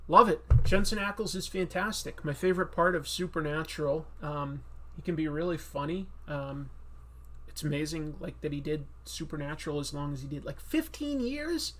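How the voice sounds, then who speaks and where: Man, comic book host, casual live Q&A, rambling with fillers, gravelly, slightly high voice. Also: a bit bright. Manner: chatty and rambling, with many fillers.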